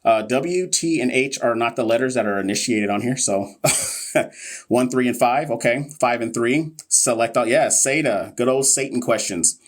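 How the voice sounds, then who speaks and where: Man, playful, casual livestream teaching, talks straight to viewers, mid-pitched voice. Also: moderate pace. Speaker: host of a live nursing exam review.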